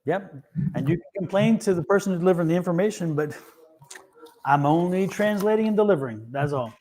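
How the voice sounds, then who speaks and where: A man's voice: high voice, animated, a little fast, dark tone. A man hosting a tarot reading show, telling stories casually with many restarts and laughs. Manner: rambling storyteller with many restarts and fillers; laughs easily. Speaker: tarot reader and show host. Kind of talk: casual live-stream chat.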